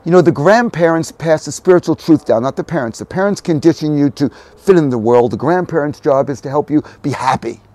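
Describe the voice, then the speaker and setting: An older man, a guest, telling animated stories in an interview, often repeating words and acting out quotes. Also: on the high side, brisk, few pauses. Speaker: guest speaker. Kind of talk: storytelling in an interview.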